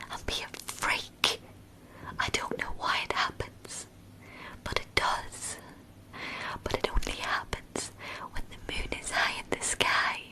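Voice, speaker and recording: A woman doing a secretive young woman in a whispered role-play, full of soft shushing and urgent pleas. Her whisper is airy and very slow, never rising above a hush. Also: close to an everyday voice. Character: secretive young woman who cries diamonds.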